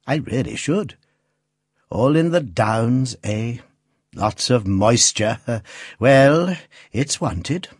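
A kindly old instrument maker, read by a man, talks in a fussy, musing way and teases with warmth. His voice is husky and moves up and down freely. The sound is dry and close. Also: medium pitch, lively intonation, drawn-out words, long pauses, no room sound, full character voice. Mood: fond grumbling. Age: older. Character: good-natured old male instrument maker.

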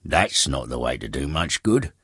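A shrewd, steady detective from a storybook, played by a man with a very deep voice. He fires off brisk, probing questions in a dry, close recording. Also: slightly rough, dry recording, exaggerated voice.

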